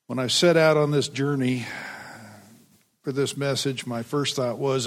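A man's voice: mid-range voice, fairly even intonation, measured pace. A man reading scripture and preaching a sermon in a church, earnest and dryly humorous. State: a bit weepy. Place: church sanctuary. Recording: long hall reverb.

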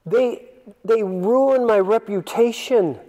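A man's voice: sits high, takes it slowly, mellow, muffled recording, pitched above the performer's own voice. A man voicing an aggrieved churchgoer who pleads indignantly with God. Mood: indignant pleading. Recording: long reverb in a hall.

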